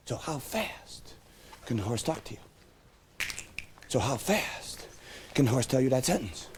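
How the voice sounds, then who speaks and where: A man's voice: mid-range voice, moderate pace, long pauses, a little hiss or hum. A middle-aged man presenting a live self-help seminar, joking and coaxing his audience to answer back. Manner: animated, joking, coaxing call-and-response with audience.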